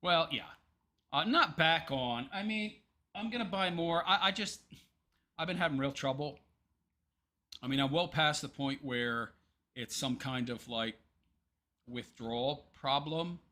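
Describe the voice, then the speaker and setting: Bright-voiced rambling male streamer. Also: fairly high pitch, a little slow, pauses often. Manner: rambling, hesitant, many ums and restarts. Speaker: livestream commentary host. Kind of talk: casual livestream commentary.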